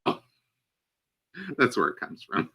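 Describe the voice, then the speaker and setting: A man co-hosting a casual movie discussion podcast, lively and playful, acting out lines from the film. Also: slow. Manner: animated, acts out lines from the film in put-on voices. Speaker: podcast co-host.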